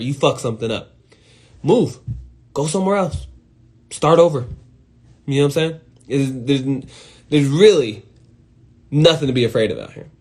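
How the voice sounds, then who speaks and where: Young male streamer, fairly high voice, loose profane pep talk with sudden loud bursts. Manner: animated and profane, swings between loud outbursts and low muttering. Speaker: host of an Instagram live stream. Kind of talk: casual motivational monologue.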